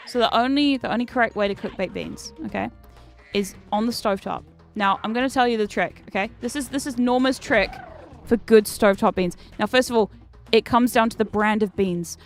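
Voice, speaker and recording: Chatty British-born woman streaming a game. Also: a little high. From Britain. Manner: chatty, swears, bursts of frustrated shouting. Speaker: VTuber streamer. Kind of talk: casual gameplay commentary.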